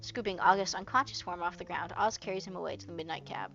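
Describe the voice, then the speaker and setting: A young woman streamer reading a visual novel aloud in a steady storytelling way. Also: on the low side, fast talker, vocal fry, highs cut off, faint music behind.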